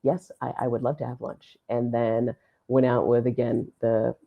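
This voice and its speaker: A woman sports announcer telling a story in a podcast interview, animated and laughing often as she acts out what people said. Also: rumbling low, normal speed, gravelly, phone-quality sound. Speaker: sports play-by-play announcer, guest.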